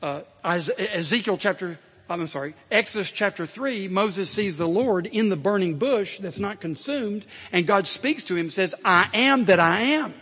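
Male pastor, high-pitched, husky voice, emphatic sermon delivery, long church reverb. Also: lively intonation, normal speed. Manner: emphatic preaching, swelling to loud exhortation.

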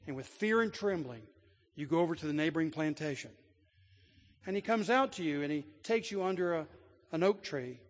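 High-voiced preacher in a reverberant hall. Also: male voice. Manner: storytelling illustration, rising to emphatic declarations. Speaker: pastor. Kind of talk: sermon.

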